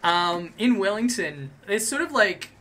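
Chatty Australian man with a bright voice. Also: sits high, big pitch swings, a little slow. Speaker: guest. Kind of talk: casual chat.

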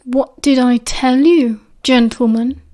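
Casting: British woman putting on a sneering teen boy, high-pitched, slow mocking drawl, audiobook figure. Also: fairly even intonation, mellow.

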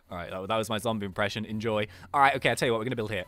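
A man giving excitable, chatty commentary while playing a video game, often laughing and exclaiming. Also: fairly low pitch, racing, faint music behind. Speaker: gaming video host. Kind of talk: casual let's-play commentary.

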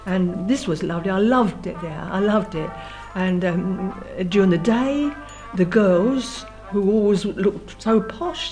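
A woman's voice: mid-range voice, warm tone. A woman, telling her life story in an oral history interview and often restarting her words as she remembers. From London. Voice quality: frequent restarts and repeated words while remembering.

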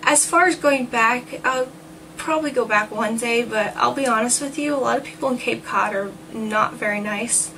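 A talkative woman from New Jersey tells a rambling story for her vlog, acting out what others said. Her voice sits a bit high. She is heard from a distance from the mic, and a clear hiss of background noise runs under her. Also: moderate pace, sharp tone. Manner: chatty, rambling, quotes people in voices. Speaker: vlogger.

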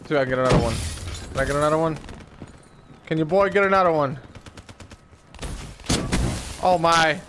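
A man's voice: sits high, noisy background. A man giving live commentary over a shooter game, ranting profanely and drawing out mocking chants. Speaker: gameplay commentator. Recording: loud game gunfire behind the voice.

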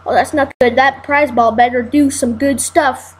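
Woman, high-pitched, exasperated gameplay commentator who exclaims and repeats lines. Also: steady tone, moderate pace, low-quality recording. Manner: frustrated, exclaiming, repeats herself while playing. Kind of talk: casual let's-play commentary.

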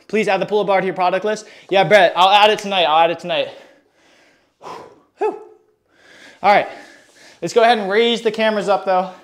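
An out-of-breath man live-streaming a workout, chatting with viewers in a hyped, slangy way while exercising. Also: sits high. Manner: hyped, slangy, reads chat aloud. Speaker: fitness streamer.

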